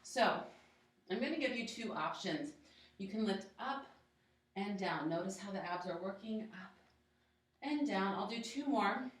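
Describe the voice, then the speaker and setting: A woman's voice: medium pitch, a little slow, long pauses. Woman, yoga instructor, encouraging, step-by-step cues, heavy room echo, distant mic. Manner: encouraging, gives steady step-by-step cues and countdowns. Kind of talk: guided workout instruction. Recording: very echoey room, voice from far off.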